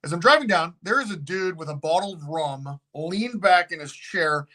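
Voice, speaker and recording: Animated, swearing man telling a story. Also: fairly high pitch, moderate pace. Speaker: haunted location owner, guest. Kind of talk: casual storytelling.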